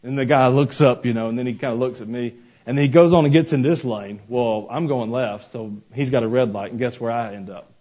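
A man's voice: medium pitch, fairly quick, mellow, highs cut off. A man preaching a sermon as pastor, mixing scripture with folksy personal stories and asides to the congregation.

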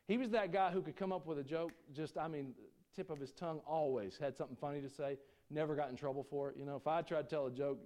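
A man preaching a sermon, folksy and joking with the congregation, swinging between loud preaching and quiet asides. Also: a little high, fast, few pauses. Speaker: pastor.

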